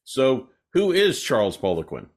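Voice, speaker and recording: A man's voice: medium pitch, wildly swooping pitch, normal speed, breathy edge. A man hosting a casual podcast, asking easygoing questions with hesitant fillers. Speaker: host.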